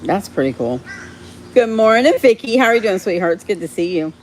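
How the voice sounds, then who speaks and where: A woman hosting a casual live stream, chatting warmly with viewers by name and laughing often. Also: mid-range voice, sing-song, fairly quick, slight background noise. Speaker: livestream host reading viewer chat.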